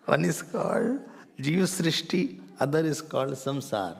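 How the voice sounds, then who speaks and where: A middle-aged man with an Indian accent, teaching a spiritual class in a lively, playful way. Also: fairly high pitch, unhurried, creaky, breathy edge. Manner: animated, playful, mixes Hindi phrases. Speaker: Vedanta teacher.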